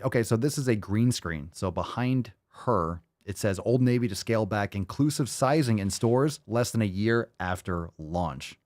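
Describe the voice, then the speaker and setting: A man's voice: fairly low pitch, expressive, moderate pace, hardly any pauses, darkish tone, dry recording, studio quality. A man hosting a podcast who reacts to clips in a mocking, profane, sarcastic way. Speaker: podcast host. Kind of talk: casual podcast reaction commentary.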